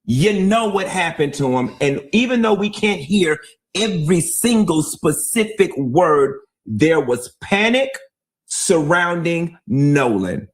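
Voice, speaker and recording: A man's voice: on the high side, big pitch swings, slow. A man on a heated panel discussion, speaking bluntly and emphatically, repeating his points for force. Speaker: livestream host and commentator.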